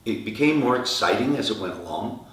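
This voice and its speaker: A middle-aged man, a rock singer, telling lively stories in an interview and acting out the voices of the people in them. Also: on the low side, fairly quick. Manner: animated anecdotes, acting out quoted dialogue. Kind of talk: storytelling interview answers. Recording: echoey room, from far off, faint noise.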